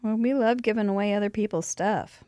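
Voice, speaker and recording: A woman with a high, squeaky voice hosting a live crafting show, chatty and giggly with playful exclamations. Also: brisk, warm tone, a little hiss or hum. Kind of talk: casual chat during a live craft show.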